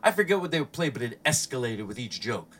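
A man's voice: mid-range voice, a little fast, distant mic. A man hosting a comedy podcast, telling stories in a casual chat, acting out quotes and swearing freely. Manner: animated storyteller who acts out quotes, swears often.

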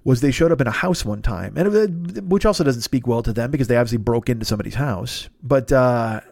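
A man's voice: medium pitch, animated, fairly quick, creaky, a little mellow, no echo. A middle-aged man hosting a comedy podcast, rambling through a story with lots of swearing and silly noises. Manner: rambling, profane, with goofy sound effects and voices. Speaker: podcast host. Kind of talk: casual comic monologue.

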